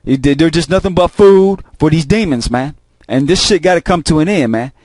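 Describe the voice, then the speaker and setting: Man, rambling profane monologue, repeats himself, slightly high voice, dry close recording. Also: moderate pace, a little mellow, no echo. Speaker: host of a video channel.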